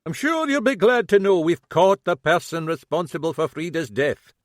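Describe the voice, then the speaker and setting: A man's voice: a little high, animated, dry recording, studio quality, voice pushed up, natural voice. A man doing a sly Scottish detective. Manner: slow, needling, toying. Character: shrewd middle-aged male Scottish detective.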